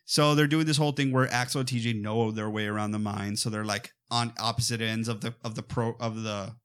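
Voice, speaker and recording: A man co-hosting a casual podcast about a movie, talking in an animated way and often slipping into quick quoted voices. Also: on the low side, clean tone. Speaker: podcast co-host.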